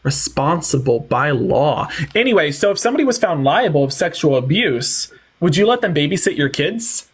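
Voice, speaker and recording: A man hosting a livestream political debate, talking fast, mocking and sarcastic, with theatrical swings in tone. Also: fairly high pitch, big pitch swings, husky.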